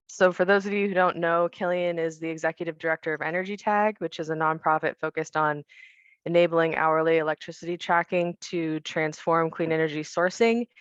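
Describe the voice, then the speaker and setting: A woman's voice: low-pitched, smooth, no echo, muffled recording. A woman moderating an online workshop, introducing a speaker in a friendly, organized way with some fillers.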